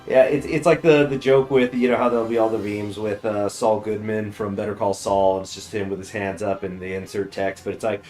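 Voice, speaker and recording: A man's voice: fairly low pitch, fairly even intonation, fast, few pauses, darkish tone. A man streaming a strategy game, chatting casually with rambling asides and frequent chuckles.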